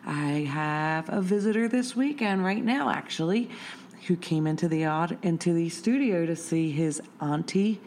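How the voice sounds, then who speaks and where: Lady radio host chatting on air, kinda low voice, friendly and teasing. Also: expressive, unhurried, a little mellow, slight background noise. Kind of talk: casual on-air chat.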